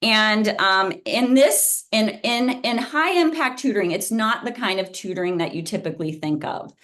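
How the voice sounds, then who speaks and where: A woman's voice: mid-range voice, normal speed. A woman guest speaker, a psychology professor, giving an informal lunch talk over a video call, telling stories animatedly and restarting her sentences often. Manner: animated storytelling, many restarts.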